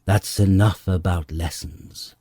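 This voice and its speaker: Gruff storybook beast with a low, whispery, abrupt voice, as a man voices it. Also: fairly even intonation, slow, mellow, no room sound. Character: gruff bossy winged beast, male.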